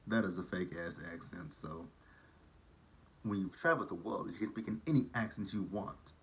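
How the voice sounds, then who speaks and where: A man's voice: sits low, lively intonation, moderate pace, fairly bright tone. A man from Texas with a southern drawl, gossiping casually as he recaps a reality show. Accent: Texan. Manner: chatty, gossipy, shady asides.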